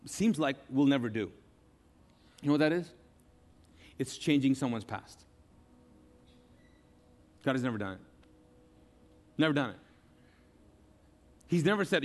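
High-voiced impassioned male preacher. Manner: impassioned, repetitive, swings from loud to hushed. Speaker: pastor. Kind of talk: sermon.

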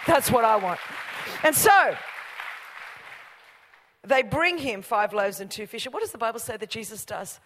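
A middle-aged woman delivers a lively sermon. Her voice sits high, and she mixes humorous storytelling with sudden shifts from hushed asides to loud, rousing declarations. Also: normal speed, long pauses, in a large hall, a faint crowd. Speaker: preacher.

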